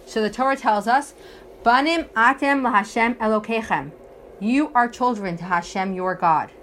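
A woman's voice: a little high, normal speed, fairly bright tone, slight background noise. A woman teaching a religious text lesson, earnestly explaining it phrase by phrase. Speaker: Torah teacher.

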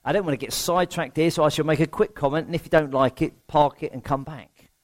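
A man's voice: a little high, fast. A man preaching a sermon in a conversational way, asking rhetorical questions and poking fun at himself. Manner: rhetorical questions, self-deprecating humour.

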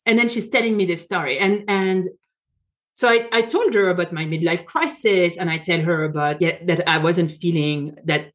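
A woman in her forties, a physician, tells a personal story in conversation, animated, laughing often and correcting herself mid-sentence. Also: lowish voice, normal speed. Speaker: physician guest, rheumatologist.

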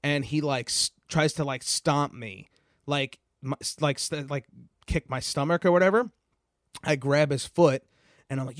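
A man's voice: mid-range voice, fairly even intonation, moderate pace, dry recording. Young guy podcaster rambling through a story, lots of likes and swearing, dry close sound. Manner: rambling, filler-heavy, swears freely. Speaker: podcast host. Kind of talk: casual storytelling.

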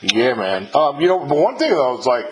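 A man's voice: medium pitch, huge pitch swings, moderate pace, a loud crowd, low-quality recording. A middle-aged man hosting an interview podcast, chatting loosely and swearing freely, with lots of fillers and restarts. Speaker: podcast host interviewing a musician. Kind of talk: casual chat.

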